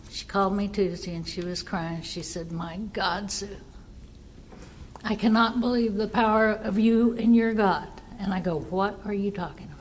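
A woman's voice: medium pitch, a bit bright, muffled recording. A woman giving a personal recovery testimony, telling her story earnestly and voicing the people in it. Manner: earnest storytelling, quotes others in dialogue.

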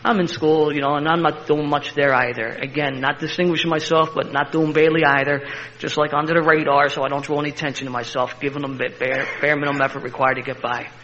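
Older Philly man spinning a fast yarn. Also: fairly high pitch. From Philadelphia. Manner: animated, laughing storyteller with a street-tough edge. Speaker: interview guest. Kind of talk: personal storytelling. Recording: slightly muffled recording.

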